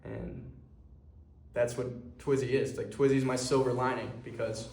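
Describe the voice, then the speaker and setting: Unhurried and flat, this young man's medium-pitched voice sounds creaky and darkish. He founded a clothing brand and talks earnestly, ramblingly and with plenty of fillers to camera in a personal vlog recorded in an echoey room.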